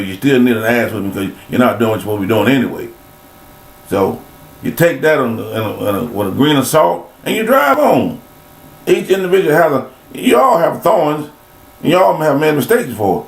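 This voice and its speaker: A man's voice: medium pitch, lively intonation, fairly quick, creaky, reverberant, rough recording. A man giving a rambling, blunt motivational talk, scolding and preaching with long lists of words and snatches of song. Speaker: motivational speaker.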